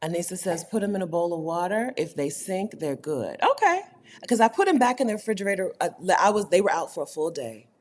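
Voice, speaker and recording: A woman's voice: fairly low pitch, very animated, a little fast, a little mellow. A woman hosting a casual livestream, chatting with viewers, reading their comments aloud and laughing often. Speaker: host of a livestream for her community.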